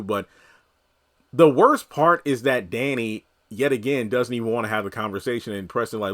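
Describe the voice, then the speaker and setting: Male recap commentator, mid-pitched voice, loose conversational delivery full of fillers. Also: moderate pace, a bit bright. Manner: conversational, rambling, heavy on fillers. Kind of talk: casual commentary.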